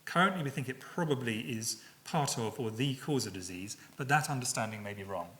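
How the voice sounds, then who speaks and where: Measured middle-aged man giving a lecture. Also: medium pitch, lively intonation, pushed and bright. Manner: measured, with frequent fillers and self-corrections. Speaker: public lecturer. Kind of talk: academic public lecture.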